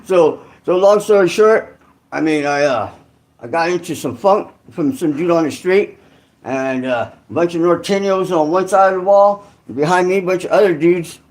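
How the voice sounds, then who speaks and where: A man's voice: high voice, moderate pace. A man from California telling a rambling story in casual, profane street slang.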